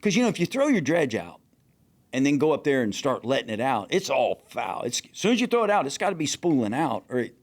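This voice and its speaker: A man, a fishing captain telling a story in casual, profane talk and acting out quotes loudly. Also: medium pitch, big pitch swings, fast. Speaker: fishing captain, podcast guest.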